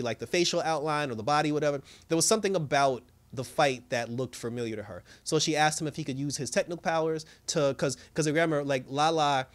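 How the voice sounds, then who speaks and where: Animated man recapping a TV episode. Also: on the high side. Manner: animated, laughs often, acts out characters' lines; rambling with many restarts and fillers. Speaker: TV show reviewer.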